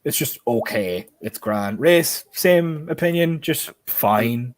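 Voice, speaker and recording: A man's voice: mid-range voice, lively intonation, slow, no room sound. A man with an Irish accent hosting a casual stream chat, often turning questions to the panel and the chat. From Ireland. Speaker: host.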